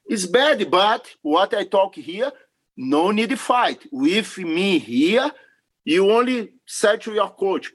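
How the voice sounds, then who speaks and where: Male guest, high voice, emphatic and earnest. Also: a bit bright. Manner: earnest, broken non-native English, emphatic. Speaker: podcast guest, jiu-jitsu referee. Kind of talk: casual interview talk.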